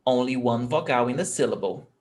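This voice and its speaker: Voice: medium pitch, a little fast, a little mellow. An adult Portuguese teacher running a live online class, patiently repeating and sounding out words and switching between English and Portuguese.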